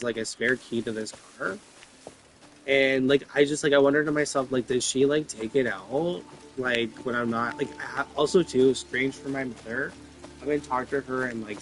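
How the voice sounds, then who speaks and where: A man's voice: medium pitch, fairly bright tone, rough recording. A man telling personal stories in a long, rambling monologue, full of fillers and swearing. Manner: rambling, filler-heavy, profane. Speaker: vlogger.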